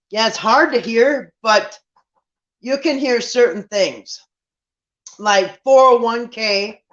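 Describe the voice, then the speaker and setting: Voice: medium pitch, fairly bright tone, muffled recording. A live streamer in casual chat, rambling through a story and acting out what others said. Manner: rambling storyteller who acts out quotes. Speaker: live streamer greeting viewers.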